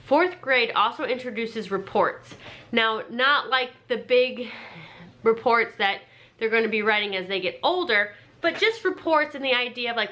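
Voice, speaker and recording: Woman, homeschooling parent, fairly high voice, bright and crisp, casual chat. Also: moderate pace. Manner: relaxed and chatty, showing books to camera. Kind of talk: casual explanatory vlog.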